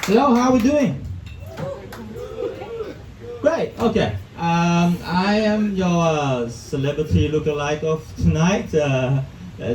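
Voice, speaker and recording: A male stand-up comedian, halting with many restarts and fillers, performing in a comedy club. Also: a little high, roomy sound, far from the mic, background noise. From Vietnam. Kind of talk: stand-up set.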